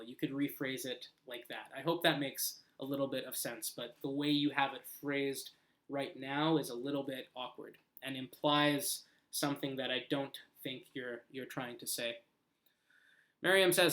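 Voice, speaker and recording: A man's voice: medium pitch, moderate pace, fairly bright tone, roomy sound. A man teaching English live, reading viewers' sentences aloud and patiently explaining how to rephrase them. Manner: reads out viewer comments and corrects them patiently. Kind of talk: live online lesson.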